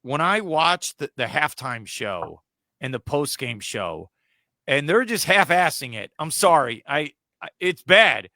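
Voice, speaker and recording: High lively host guy ranting about tv analysts, dry close sound. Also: measured pace, no echo. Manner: excitable, ranting, self-correcting. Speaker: talk show host. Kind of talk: casual sports chat.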